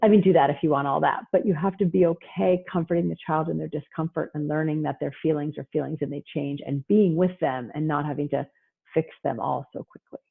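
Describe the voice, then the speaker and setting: A woman psychologist delivers a lively parenting talk with a slightly husky voice. She is animated and slips into playful voices for parents and children. The sound is thin and tinny, like a phone line on a video call. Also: deep voice, brisk. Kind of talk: lively lecture with acted-out quotes.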